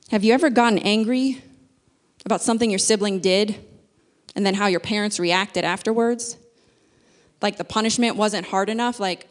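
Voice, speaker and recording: A woman's voice: mid-range voice, moderate pace, long pauses. A woman giving a sermon in a conversational way, explaining with everyday examples. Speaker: speaker.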